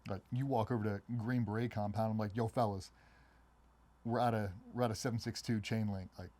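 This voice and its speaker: In an easygoing interview, a middle-aged guest who served as a Navy SEAL delivers fast, animated anecdotes. He mimics the voices of others by raising his pitch a great deal.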